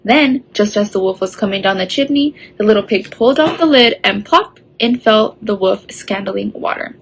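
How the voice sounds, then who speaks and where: A woman reading a children's story aloud in a steady storytelling way. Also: medium pitch, normal speed, breathy edge, low-quality recording. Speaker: story reader.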